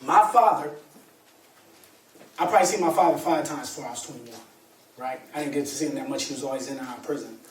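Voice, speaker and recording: A man speaking as a motivational speaker, telling a personal story to an audience in an animated, colloquial way with laughter. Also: mid-range voice, fast, pauses often, slight background noise. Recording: echoey room, distant mic, faint ambience.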